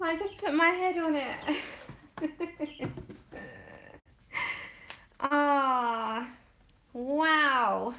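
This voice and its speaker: A woman hosting a casual colouring livestream, gushing and excitable, laughing often and trailing off mid-sentence, heard from a camera set back from her desk. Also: high voice, extremely slow, pauses often, a little hiss or hum. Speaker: colouring channel host. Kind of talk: casual livestream chat while unboxing.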